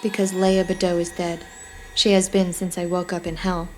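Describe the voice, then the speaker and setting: A woman voicing a young female hospital patient who is furious and grieving, swearing in sharp outbursts. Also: on the low side, little pitch movement, moderate pace, natural voice. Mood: bitter, broken.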